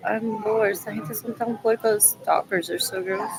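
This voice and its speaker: A woman's voice: medium pitch, steady tone, moderate pace, few pauses, noisy background. A woman vlogging in a loose, rambling monologue, muttering scornful remarks and repeating the same phrases over and over. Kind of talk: casual rambling monologue to viewers.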